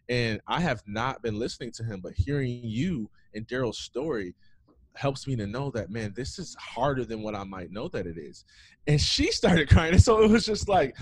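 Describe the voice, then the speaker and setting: A man's voice: medium pitch, expressive, moderate pace, husky. A man in his thirties, a former athlete, telling his story in a casual interview with many "man" and "um" fillers. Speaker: guest, former athlete and founder.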